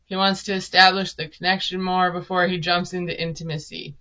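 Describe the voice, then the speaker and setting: A woman's voice: lowish voice, flat delivery, a little fast, bright, forceful tone, highs cut off. A woman, recapping a reality show in casual, sarcastic commentary. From Minnesota. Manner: chatty, sarcastic, laughs often. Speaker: TV recap vlogger.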